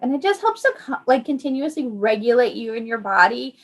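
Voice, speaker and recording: A young woman with a fairly high voice explains calming breaths to parents. She talks in a friendly, easygoing way, with plenty of fillers and loose asides, like a paraprofessional chatting after class. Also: a little fast. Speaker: early childhood paraprofessional. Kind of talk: informal parent education talk.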